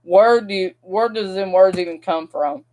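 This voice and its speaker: A woman's voice: medium pitch, moderate pace, a little mellow. A young woman, venting to camera in a casual, rambling vlog rant. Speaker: vlogger.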